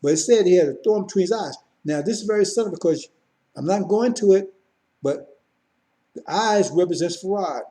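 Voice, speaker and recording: A man's voice: sits high, normal speed, warm tone. A man preaching a sermon, repeating points and addressing listeners directly with frequent asides.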